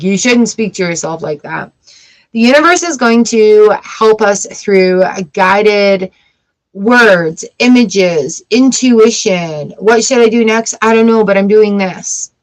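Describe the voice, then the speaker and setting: A woman's voice: medium pitch, rough recording. A middle-aged woman hosting a live tarot and oracle card reading, talking in a chatty, reassuring way and answering viewers as she goes. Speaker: tarot reader.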